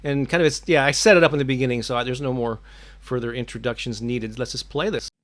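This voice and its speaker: A man's voice: mid-range voice, fairly even intonation, fast, a bit bright. A middle-aged man hosting his own channel, chatting casually on a live stream with many fillers and restarts. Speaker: affirmation channel host.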